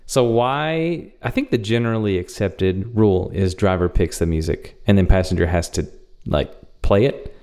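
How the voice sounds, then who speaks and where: A man's voice: low-pitched, moderate pace, mellow, clean tone. A man co-hosting a podcast, asking the group questions and chuckling through casual banter. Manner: amused, chuckles often, asks the group questions. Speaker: podcast co-host.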